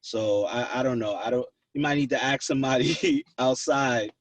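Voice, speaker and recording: A man's voice: mid-range voice, normal speed, distant mic, slight background noise. A man from New City, a DJ guest on a radio show chatting casually and hesitantly, restarting phrases as he thinks. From New York City. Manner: hesitant, repeats words while thinking. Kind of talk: casual interview chat.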